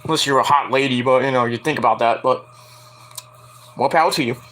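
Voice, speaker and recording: A man's voice: medium pitch, brisk, a bit bright. A man giving a casual, profanity-laced solo review of a wrestling match, rambling and acting out what people said with sudden yelps.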